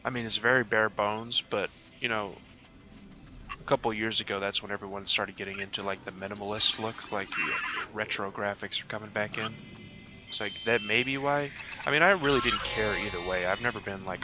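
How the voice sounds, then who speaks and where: A young man casually commentating over a game he is playing, rambling offhand with lots of fillers and casual swearing, hiccuping and clearing his throat now and then. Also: lowish voice, fairly even intonation, fairly quick, music in the background. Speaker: gaming channel host.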